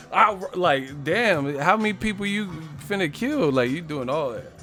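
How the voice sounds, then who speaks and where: A man with a slightly high voice riffs on a live stream, trading playful, boastful rap bars and cracking himself up between them. Faint music plays underneath him. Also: lively intonation, normal speed, hardly any pauses, bright, forceful tone. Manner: playful, boastful, laughing at his own rhymes. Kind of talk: casual live stream chat, freestyle rapping.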